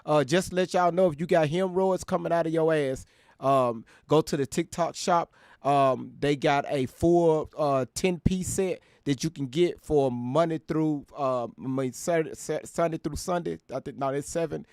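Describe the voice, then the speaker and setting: A man's voice: a little high, normal speed, darkish tone, no echo, studio quality. Profane, mocking male commentary host. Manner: profane, mocking, laughs often. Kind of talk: casual reaction commentary.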